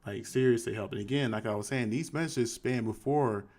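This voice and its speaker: Male host, casual commentary, reads quotes in a flat low tone. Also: a little fast. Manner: conversational, shifts to flat low reading voice for quoted texts. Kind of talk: live commentary reading text messages aloud.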